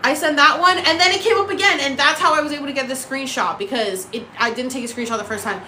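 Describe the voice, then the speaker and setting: A woman hosting a casual livestream chat, ranting in an animated, profane, incredulous way. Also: high voice, fast talker, roomy sound, slight background noise. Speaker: TikTok live host. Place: apartment in a city.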